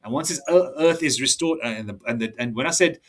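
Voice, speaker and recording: Forceful man preaching, off-mic. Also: mid-range voice, fast talker. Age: 50s. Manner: forceful, repetitive, ends phrases with "all right?". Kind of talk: heated sermon-style monologue. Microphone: laptop mic. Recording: distant laptop mic.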